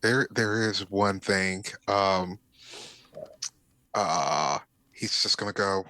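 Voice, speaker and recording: Player, male, low voice with a bright edge, hesitant and unhurried. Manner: hesitant, slow. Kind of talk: casual tabletop play.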